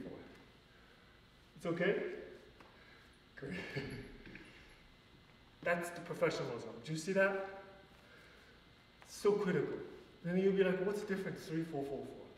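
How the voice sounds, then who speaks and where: A man's voice: high voice, darkish tone, a little hiss or hum. A man teaching a ballet class, calling out steps and counts, chatty and encouraging, with short laughs between counts. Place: large ballet studio. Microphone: distant room mic. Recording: echoey studio from far off.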